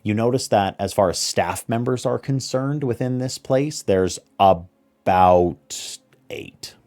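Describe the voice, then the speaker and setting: A man narrating as game master of a tabletop role-playing game, relaxed with lots of fillers. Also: on the low side, slow. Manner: relaxed, many fillers and restarts.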